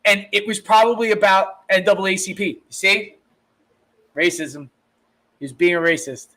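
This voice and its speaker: A man with a high voice co-hosts a podcast in loose, profane chat. He rambles from point to point and swears freely. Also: normal speed, poor audio. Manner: rambling, animated, swears a lot. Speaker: podcast co-host.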